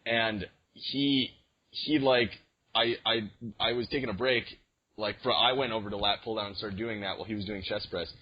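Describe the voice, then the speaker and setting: A young podcast co-host with a husky, fairly low voice rambles through stories in casual chat, keeping a steady tone and moderate pace. He's full of fillers and restarts, and the lo-fi recording sounds dull.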